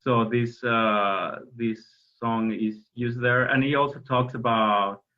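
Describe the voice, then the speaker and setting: A man's voice: mid-range voice, steady tone, takes it slowly. A man, a musician guest talking hesitantly in an interview, full of fillers and restarts. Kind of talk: explaining interview talk. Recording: dull lo-fi audio.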